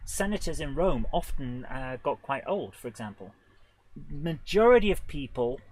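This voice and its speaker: A man streaming a retro game live, chatting with viewers in a joking manner and reacting loudly to the gameplay. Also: medium pitch. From Britain. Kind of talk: casual live-stream chat, reading chat aloud.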